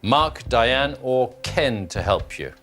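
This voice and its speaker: A man fronts a television quiz in a studio, putting questions to contestants at a steady, medium pitch. He sounds upbeat and encouraging. Faint music plays behind him. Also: takes it slowly. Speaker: quiz show host. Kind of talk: quiz show hosting.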